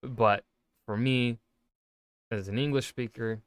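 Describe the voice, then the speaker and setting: A man's voice: medium pitch, fairly even intonation, takes it slowly, clear, resonant tone, dry recording. An American man who writes fiction, giving casual reaction commentary and rambling as he thinks aloud. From United States. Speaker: author reacting to a video.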